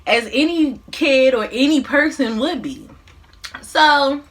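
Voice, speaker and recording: A woman's voice: high voice, takes it slowly, a bit bright. A woman in her thirties, a mukbang vlogger, casually recapping a movie plot while she eats, in a loose, profane, slangy way.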